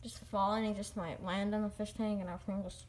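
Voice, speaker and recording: A young girl vlogs casually about her pets, rambling, halting, and restarting again and again. Her voice is medium-pitched and darkish, with little pitch movement.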